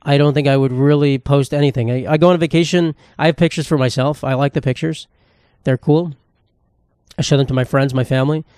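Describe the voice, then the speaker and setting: A man's voice: fairly high pitch, steady tone, brisk, a little mellow, smooth, no echo, studio quality. A young man, a comedian hosting his own podcast, rambling casually in a self-deprecating way and swearing freely. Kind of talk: casual solo monologue.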